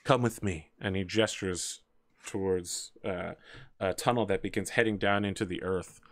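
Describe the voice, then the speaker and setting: Brief: casual game-master narrator, low voice, dry sound. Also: male voice, fairly even intonation, normal speed, no echo. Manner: casual, many fillers like "uh" and "like".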